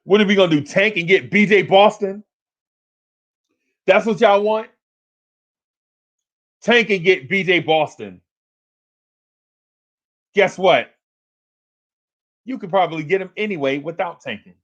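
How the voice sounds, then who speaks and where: A man hosting a sports talk livestream, ranting in exasperation, repeating himself and climbing into shouts. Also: high voice, measured pace, pauses often. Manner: exasperated, repetitive, rising to shouts. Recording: lo-fi stream audio.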